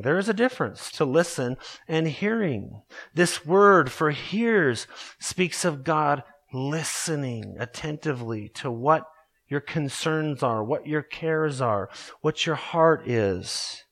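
A man preaching a sermon, earnest and emphatic, slowing down to stress scripture verses. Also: a little high, expressive, fairly bright tone. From Colorado, USA. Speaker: pastor.

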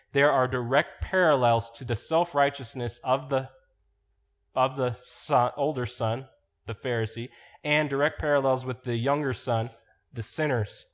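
A man preaching a sermon, explaining scripture in an emphatic way and slowing down to stress key points. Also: mid-range voice.

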